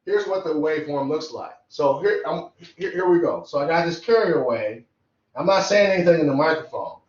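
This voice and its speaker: A man's voice: fairly high pitch, lively intonation, moderate pace. A man teaching an electronics class, explaining things loosely and conversationally while he draws. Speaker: electronics instructor. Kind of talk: casual classroom lecture. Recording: roomy, dull lo-fi classroom sound.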